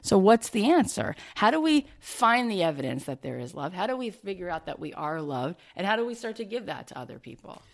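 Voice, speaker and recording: A woman's voice: medium pitch, brisk, vocal fry, hardly any pauses. A woman hosting a conversational interview, telling stories animatedly and acting out remembered dialogue. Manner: animated storytelling, retelling dialogue. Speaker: podcast host.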